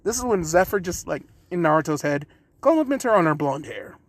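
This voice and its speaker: A man's voice: fairly high pitch, very animated, a little fast, no echo. A man casually retelling a fan-made story, rambling and often correcting himself with lots of fillers.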